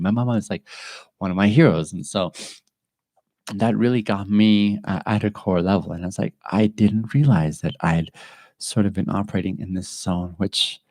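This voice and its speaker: A man hosting a podcast, talking earnestly and haltingly in a reflective personal monologue, emotional and near tears. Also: on the low side, darkish tone, dry recording. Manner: earnest, halting, with frequent restarts and pauses. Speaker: podcast host.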